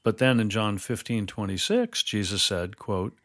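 A man teaching Bible doctrine in a measured, explanatory way, quoting scripture formally. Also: fairly low pitch, fairly bright tone, dry recording, clean studio sound. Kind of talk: scripted theological dialogue.

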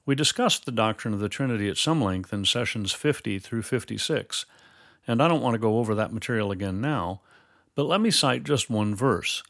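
A man teaching Bible doctrine in a measured, explanatory way, quoting scripture formally. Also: on the low side, animated, gravelly, fairly bright tone, dry recording, clean studio sound. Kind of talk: scripted theological dialogue.

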